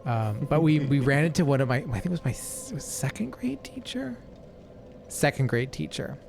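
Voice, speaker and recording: A man's voice: medium pitch, fairly quick, gravelly, music in the background. Rambling man telling stories. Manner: rambling storyteller, many fillers and asides. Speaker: co-host. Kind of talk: casual chat over gameplay.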